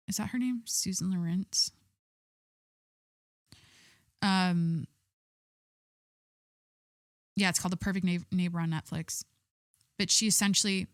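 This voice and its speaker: Female podcast host, chatty and halting, gravelly edge, dry studio mic. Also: medium pitch, dry recording. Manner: halting, searching for names, trailing off quietly. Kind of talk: casual chat.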